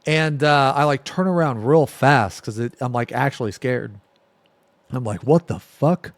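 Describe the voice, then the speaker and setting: A man's voice: medium pitch, steady tone, measured pace, dry recording. A man telling a spooky personal story on a live stream, casual and rambling, full of fillers and swearing. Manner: rambling, profane, filler-heavy.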